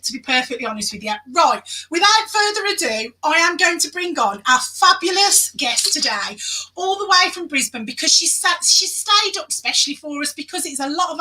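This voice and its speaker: A woman guest-hosting a live online show, chatting loudly and excitably and greeting viewers by name. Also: high-pitched, distant mic, poor audio. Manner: loud and excitable; chatty, reads out viewer comments. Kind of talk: live-stream hosting chat.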